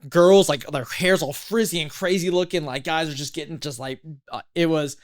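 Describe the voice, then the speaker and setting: A man's voice: on the high side, moderate pace. A man from East Texas, a podcast guest in his thirties telling stories in a laid-back, slangy way. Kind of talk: casual storytelling interview.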